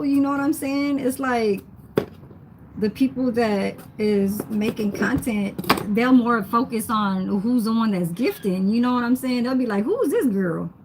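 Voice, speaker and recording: A woman's voice: fairly high pitch, slight background noise. Chatty young woman streaming while cooking. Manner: chatty, laughs often, reads comments aloud. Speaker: livestream host. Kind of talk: casual livestream chat while cooking. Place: home kitchen.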